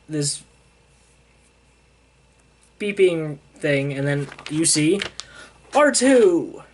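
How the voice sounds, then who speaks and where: A man's voice: fairly high pitch, a bit bright. A young man casually retelling a comic book plot, rambling and self-deprecating as he paraphrases the characters.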